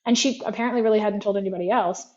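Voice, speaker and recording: A woman's voice: mid-range voice, very fast, darkish tone, dull audio, slight background noise. A woman practitioner speaking as a guest, telling stories in an easy chatty way with many "like" fillers. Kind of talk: conversational storytelling.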